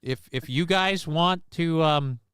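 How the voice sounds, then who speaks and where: A man's voice: fairly high pitch, slow, fairly bright tone, smooth, no room sound. A man hosting a casual livestream chat, with crude, mocking, profane banter. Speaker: show host.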